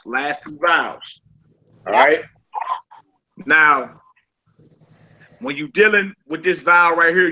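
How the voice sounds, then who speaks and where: A man's voice: a little high, pushed and bright, muffled recording. A man teaching a Hebrew class in an informal, conversational way, often checking in with his students. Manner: informal, repeats "you know what I'm saying".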